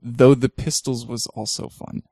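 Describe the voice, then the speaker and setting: A man's voice: medium pitch, a little slow, vocal fry, husky, no room sound. Man, podcast host, easygoing gaming chat, dry close mic. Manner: relaxed, laughs often, tells stories animatedly.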